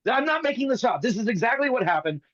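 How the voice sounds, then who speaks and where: High-voiced man riffing comically on a video call. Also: sing-song, a bit bright, no room sound, muffled recording. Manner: rapid comic riffing with bits of mimicry. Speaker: guest magician.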